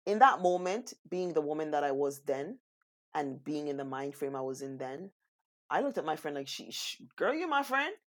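A woman co-hosting a casual talk, telling stories in an animated way and acting out what people said. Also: deep voice, moderate pace. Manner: animated storyteller, acts out quotes. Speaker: co-host. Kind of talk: casual chat.

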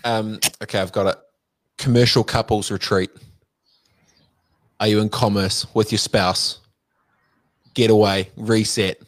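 A young New man co-hosting a relaxed podcast, pitching ideas loosely in a lowish voice. He keeps steering the conversation back on track. The sound is dry and close. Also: measured pace, pauses often, no echo. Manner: loose brainstorming, steers the talk back on topic. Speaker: podcast co-host. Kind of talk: casual chat.

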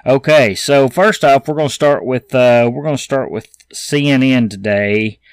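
A man hosting a podcast, reading news stories aloud and adding his own opinions in a casual, halting way with fillers and restarts. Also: mid-range voice, smooth, no echo. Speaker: podcast host.

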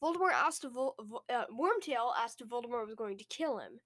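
A woman's voice: on the high side, animated, brisk, fairly bright tone. A young woman co-hosting a book podcast, recapping a chapter from her notes with many hesitations. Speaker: podcast co-host.

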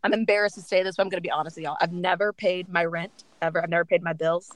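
A woman's voice: lowish voice, fairly even intonation, very fast, no room sound, poor audio. A young woman co-hosting a podcast from home in a chatty, frank, laughing way. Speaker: podcast co-host. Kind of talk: casual chat.

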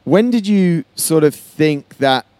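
A man's voice: a little high, expressive, a little mellow, clear, resonant tone, no echo. A man hosting a casual interview podcast, encouraging his guest and often calling him mate. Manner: encouraging, calls people mate, quick to chip in. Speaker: podcast host, coach.

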